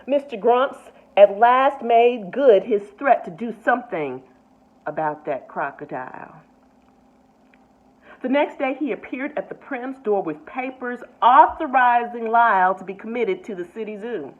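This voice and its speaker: A woman, a nurse, reading a picture book aloud with expressive delivery and asides to her listeners. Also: fairly high pitch, a little slow. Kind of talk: storybook read-aloud. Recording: tinny phone-like sound.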